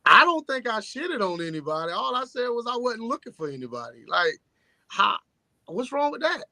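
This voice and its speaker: A man co-hosting a casual chat show, tired and talking in a low-key monotone. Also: normal speed, gravelly, no echo. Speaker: podcast co-host.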